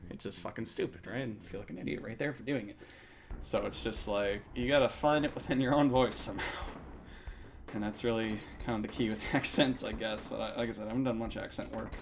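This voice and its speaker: A man's voice: on the low side, steady tone, quick pace, creaky, slight background noise. A young man chatting casually while playing a game on a live stream, rambling and swearing often.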